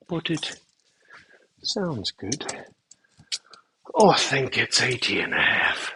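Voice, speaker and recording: A man's voice: mid-range voice, huge pitch swings, extremely slow, vocal fry, long pauses, pushed and bright, a little hiss or hum. A young man casually narrating his own home renovation for his vlog, muttering to himself as he works and measures. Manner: mumbling to himself, offhand. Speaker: DIY vlogger. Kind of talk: casual narration while working. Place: unfinished basement room under renovation. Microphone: phone camera.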